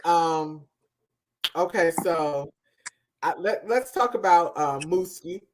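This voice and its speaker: A woman co-hosting a podcast, giving a casual, emphatic music review that trails off softly at the ends of thoughts. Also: fairly low pitch, slow pace, a little hiss or hum. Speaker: podcast co-host.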